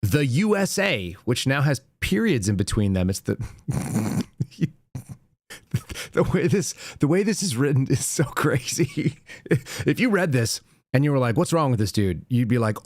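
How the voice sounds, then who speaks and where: A man hosts a live commentary show and picks apart the news with sarcastic, mocking remarks. His voice sits at a middle pitch for a man. The recording is dry, with no room echo. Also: animated, normal speed, a little mellow. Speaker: show host.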